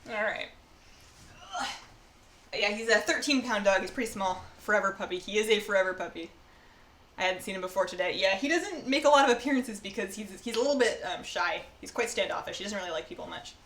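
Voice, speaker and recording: A woman with an animated, somewhat bright medium-pitched voice talks a little fast while she bakes at home on stream. Her casual chatter rambles through aside after aside, with a roomy echo and faint noise behind her.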